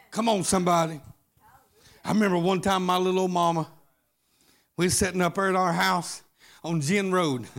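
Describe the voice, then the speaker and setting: A man's voice: high-pitched, a bit bright. A middle-aged man preaching a sermon in a rhythmic chant, putting an "uh" before each phrase. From Oklahoma, USA.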